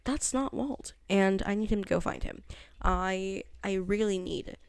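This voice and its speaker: A woman's voice: medium pitch, unhurried, creaky, smooth, no echo. A woman vlogging to her phone camera in a casual, rambling way, full of fillers and tangents. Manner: chatty, filler-heavy, loose tangents. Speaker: vlogger reviewing a TV show.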